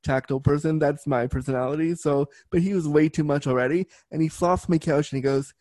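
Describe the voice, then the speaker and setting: A man's voice: on the high side, fast, few pauses, darkish tone, no room sound. A man talking as a guest, telling a personal story frankly and bluntly, with lots of fillers. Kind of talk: casual storytelling.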